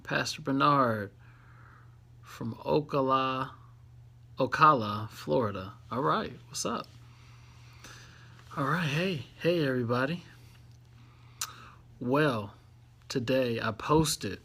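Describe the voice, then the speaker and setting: A man's voice: medium pitch, expressive, slow, vocal fry, long pauses, a bit bright, breathy edge. A man hosting a casual livestream from his office, greeting viewers by name and place and speaking in an upbeat, encouraging way.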